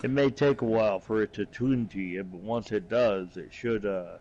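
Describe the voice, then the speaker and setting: A man's voice: fairly low pitch, moderate pace, darkish tone, lo-fi sound. A man playing a tabletop game, joking dryly and swearing casually. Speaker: player.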